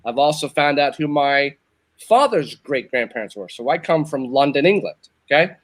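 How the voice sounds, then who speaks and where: A show host from Northern Virginia, a man in his fifties, speaks with a fairly high, expressive voice at normal speed. Casually chatting, he tells a long personal story in a rambling way, repeating himself and restarting sentences.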